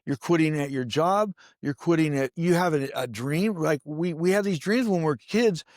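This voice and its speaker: Emphatic preacher man, higher voice. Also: normal speed, a little mellow, no room sound, clean studio sound. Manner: emphatic preacher cadence, repeats phrases. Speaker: guest, former pastor. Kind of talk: storytelling interview talk.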